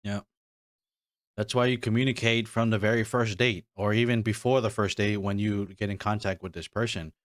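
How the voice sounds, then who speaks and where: A man's voice: lowish voice, steady tone, moderate pace, dry recording. A man hosting a podcast in casual chat, talking loosely with many restarts and fillers. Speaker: podcast host.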